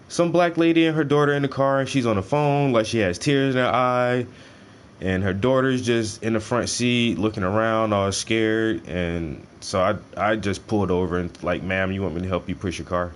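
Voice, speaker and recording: A man telling a story in casual, profane slang while he paints, his delivery animated and loose. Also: on the low side, slight background noise. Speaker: painting stream host.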